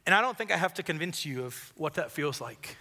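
A young man with a high, bright voice preaches an earnest, conversational sermon. His talk is casual and full of "like". He speaks in a large church auditorium, and a long reverb trails after each line. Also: animated, fairly quick. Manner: earnest, casual, many filler "like"s.

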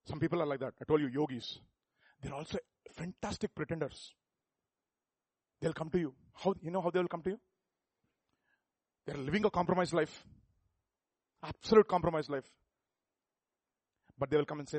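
Husky-voiced pastor preaching. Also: male voice, fairly high pitch, normal speed, long pauses, no echo. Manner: animated, rhetorical questions, builds to emphatic peaks. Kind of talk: sermon.

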